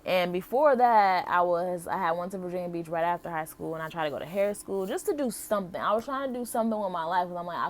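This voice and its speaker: A woman's voice: on the low side, fast, hardly any pauses, a little hiss or hum. A woman in her thirties from the United States, telling her personal story to camera in a chatty, heartfelt way full of "like" and "um". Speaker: vlogger.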